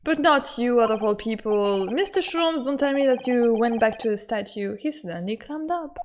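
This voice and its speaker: Excitable high-voiced woman streamer. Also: normal speed, slight background noise. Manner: excitable, gushing, laughs often. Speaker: streamer playing a game. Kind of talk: excitable let's-play commentary.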